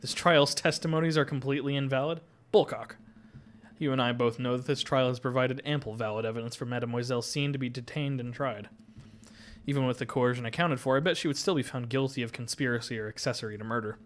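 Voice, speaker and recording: A man reading the lines of a suave male fox private investigator in a game, speaking in a smooth, courteous, measured way at an everyday mid pitch. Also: steady tone, lightly acted. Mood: earnest.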